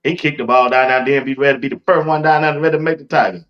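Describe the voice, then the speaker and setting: A man's voice: mid-range voice, steady tone, very fast, highs cut off. A man hosting a sports talk show, laid-back, laughing along and asking questions. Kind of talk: casual sports chat.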